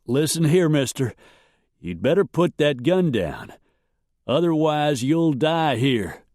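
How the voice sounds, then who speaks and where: A man doing a nervous, shouting frontier sheriff. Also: fairly high pitch, sing-song, slow pace, no echo, pitched above the performer's own voice. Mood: strained commanding. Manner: loud, strained commands. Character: nervous middle-aged male small-town sheriff. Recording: dry close recording.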